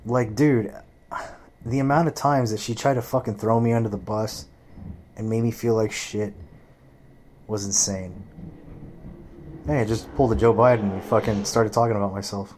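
A man's voice: lowish voice, moderate pace, pauses often, a little hiss or hum. A man telling a personal story in a casual, profane rant, acting out what people said. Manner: profane, animated, acts out quoted voices.

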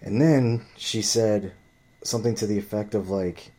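Low-voiced man ranting bluntly. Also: unhurried, warm tone. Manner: profane, blunt, rambling with restarts. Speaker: vlogger. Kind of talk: ranting storytime monologue.

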